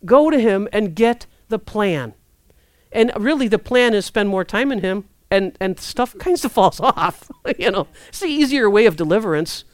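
A woman preaching a sermon in a conversational, lively way, acting out prayers and inner thoughts. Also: medium pitch, normal speed, no echo, studio quality.

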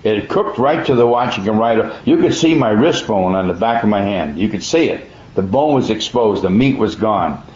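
A man's voice: on the low side, lively intonation, normal speed, hardly any pauses, darkish tone. Earnest man giving a folksy testimony. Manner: plainspoken folksy storytelling with restarts; earnest, emphatic. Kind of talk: personal testimony. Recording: dull echoey room recording.

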